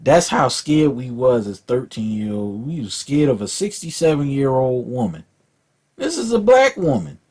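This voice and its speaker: A man's voice: medium pitch, big pitch swings, moderate pace, darkish tone, slightly rough. A man telling a profane, rambling story from his school days in a casual rant, often repeating words. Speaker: vlog host.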